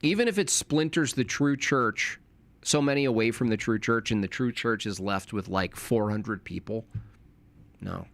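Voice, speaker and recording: A man's voice: on the low side, moderate pace, fairly bright tone. Young man rambling on a live stream. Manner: rambling, self-correcting, informal slang. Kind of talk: casual live-stream commentary.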